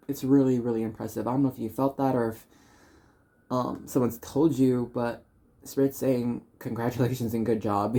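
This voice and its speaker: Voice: mid-range voice, mellow. Tarot reader from Dallas, Texas: chatty, encouraging reading, loose and rambling.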